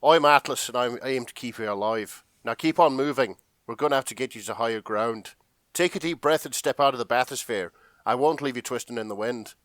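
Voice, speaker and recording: A scheming middle-aged villain coaxing a stranger along in a smooth, persuasive tone, as a man reads him out. The voice sits at a medium pitch, with no accent, and sounds dry and close. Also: brisk, a bit bright, dry recording, lightly acted.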